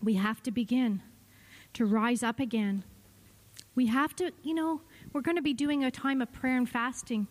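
A middle-aged woman pastor preaches with passion, sometimes falling to a hush and then climbing up high. Her voice sits high, and a long reverb from the church sanctuary trails each phrase. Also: moderate pace. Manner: impassioned preaching, voice swinging between hushed and rising. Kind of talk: sermon.

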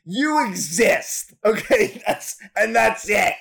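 A man co-hosting a podcast, chatting crudely and profanely with loud bursts of laughter. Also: high-pitched, lively intonation, slow pace, gravelly. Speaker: podcast co-host. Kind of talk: crude casual chat.

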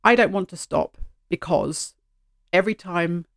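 A middle-aged woman hosting a solo podcast, talking in an animated, heartfelt way from behind a microphone at home. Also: fairly low pitch, measured pace, creaky, dry recording, studio quality. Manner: animated, heartfelt, gently emotional. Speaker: podcast host. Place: sitting at home. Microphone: studio microphone.

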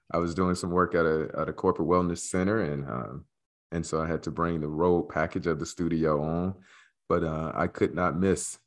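Playful low-voiced podcast host. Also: male voice. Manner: playful, teasing and talkative. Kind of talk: casual interview chat. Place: away from his studio, on the road.

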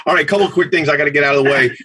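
A man's voice: a little high, rapid-fire, sharp tone, slight background noise. A man co-hosting a show, chatting casually in a playful, joking way. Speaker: podcast co-host. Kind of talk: casual chat.

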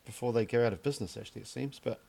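A man's voice: mid-range voice, rapid-fire, vocal fry, warm tone, breathy edge. A man co-hosting a casual podcast about gin, talking in a dry, joking way with plenty of fillers. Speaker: podcast co-host. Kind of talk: casual chat.

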